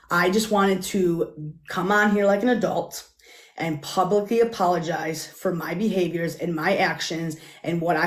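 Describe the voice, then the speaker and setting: Woman, earnest apology, halting delivery, lowish voice, roomy sound. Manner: halting, repeats herself, calm and earnest. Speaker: livestream guest. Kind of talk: public apology on a livestream.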